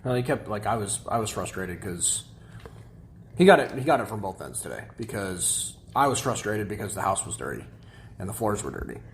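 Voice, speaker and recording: A young man co-hosting a podcast, speaking plainly with halting restarts in casual chat. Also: fairly low pitch, lively intonation, vocal fry, slight background noise. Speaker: podcast co-host.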